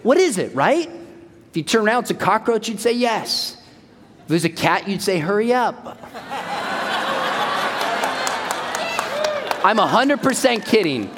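A man delivering a sermon, telling jokes and stories with lively energy. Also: sits high, fast, a little hiss or hum. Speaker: speaker. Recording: long hall reverb.

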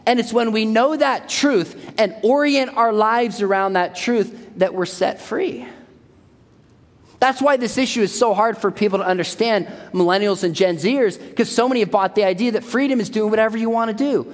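A man delivering a sermon, telling jokes and stories with lively energy. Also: high voice, moderate pace. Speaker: speaker. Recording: long hall reverb.

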